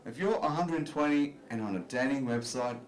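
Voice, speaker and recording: A man's voice: medium pitch, a little fast, a little hiss or hum. A man doing a stand-up comedy set on a club stage, talking in a loose, self-deprecating way full of "you know" fillers. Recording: roomy club recording.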